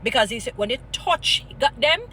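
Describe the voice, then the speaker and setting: A Jamaican woman holds forth like a street preacher, her bright, forceful voice swinging between scolding and Bible storytelling in a mix of patois and English. Faint traffic hums outdoors behind her. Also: a little high, lively intonation, normal speed. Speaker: vlogger. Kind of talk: impassioned commentary with Bible stories.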